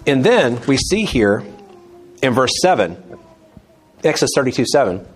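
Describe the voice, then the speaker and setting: A man's voice: mid-range voice, big pitch swings, normal speed, pauses often, husky. A man leading a conversational Bible teaching, chatty, with joking asides and restarts.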